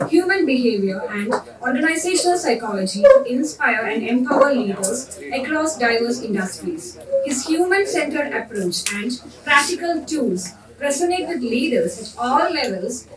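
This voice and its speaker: A woman hosting an event, formally reading out an introduction of the speaker from a script. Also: sits high. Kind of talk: read introduction. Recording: echoey hall, voice from far off.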